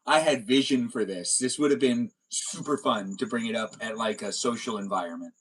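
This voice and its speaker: A young man hosting a live stream, chatting casually and telling stories in a rambling, animated way with many fillers. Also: medium pitch, moderate pace, rough recording. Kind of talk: casual chat.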